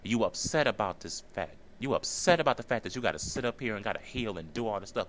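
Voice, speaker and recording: A man's voice: fairly low pitch, expressive, fast, few pauses, fairly bright tone, a little hiss or hum. Earnest man talking on his podcast. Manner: earnest, encouraging, repeats himself for emphasis. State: tearful at times. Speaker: podcast host. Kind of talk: solo podcast monologue.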